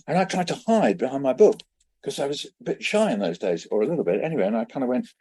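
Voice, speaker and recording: A man in his seventies from England, a children's poet guest telling lively anecdotes in an interview and acting out the voices in them. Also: medium pitch, fast, husky. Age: 70s. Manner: lively anecdotal storyteller who acts out voices. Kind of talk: conversational storytelling interview.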